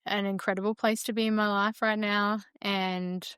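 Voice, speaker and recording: A woman's voice: mid-range voice, little pitch movement, normal speed, fairly bright tone, smooth, dry recording, studio quality. A woman hosting a solo podcast, talking through her feelings in a reflective, meandering way with frequent fillers. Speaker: podcast host.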